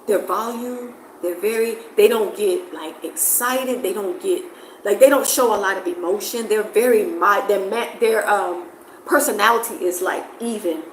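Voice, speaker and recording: An expressive woman from the States, chatting casually to camera. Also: mid-range voice, moderate pace, echoey room, a little hiss or hum, rough recording. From United States. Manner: expressive, animated, laughs often. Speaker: vlogger.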